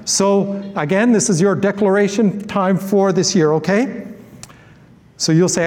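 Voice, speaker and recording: High-voiced male pastor in a hall. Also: moderate pace, a little mellow. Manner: conversational, with frequent fillers and asides. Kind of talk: sermon. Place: church sanctuary.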